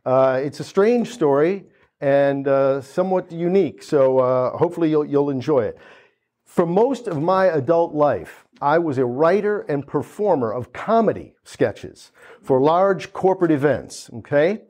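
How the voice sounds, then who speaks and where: A man's voice: fairly high pitch, lively intonation, unhurried, a little mellow. A man in his fifties from the United States telling a funny story at a gallery opening, acting out the people he quotes, with many restarts. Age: 50s. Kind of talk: storytelling talk.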